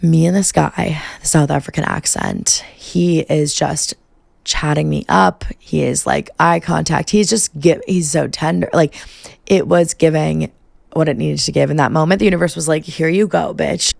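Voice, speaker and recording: A woman's voice: sits low, sing-song, moderate pace, creaky, a little mellow, dry recording. A young woman podcast host in her twenties telling a personal story casually, peppering every phrase with "like" and swearing freely. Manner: profane, valley-girl filler "like".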